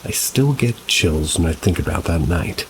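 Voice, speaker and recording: A man reading reader-submitted paranormal stories as scripted narration, at a slow, measured pace. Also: low-pitched, animated, noisy background. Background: rain.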